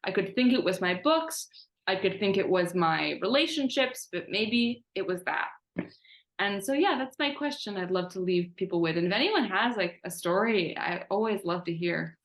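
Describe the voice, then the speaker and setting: A woman telling a personal story in an online talk, animated and self-mocking, with many "like" fillers. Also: medium pitch, normal speed. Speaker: guest speaker. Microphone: video call. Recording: roomy echo.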